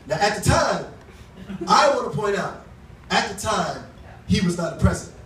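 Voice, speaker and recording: A man's voice: sits high, very animated, a little slow, long pauses, fairly bright tone. A man doing live stand-up storytelling on a small club stage, talking in a loose, chatty way with restarts and fillers. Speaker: stand-up comedian. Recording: echoey club sound from a distant mic, noisy.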